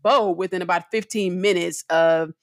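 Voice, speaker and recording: Woman, podcast co-host, middle-aged, expressive, voice climbs when excited, lower pitch. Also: normal speed, no room sound, clean studio sound. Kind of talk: casual conversation.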